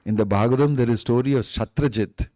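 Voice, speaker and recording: A man's voice: mid-range voice, quick pace, warm tone, dry recording, clean studio sound. A man giving a sermon as a swami, emphatic and repetitive, stretching out key words. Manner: emphatic, repeats points, draws out key words. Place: temple hall.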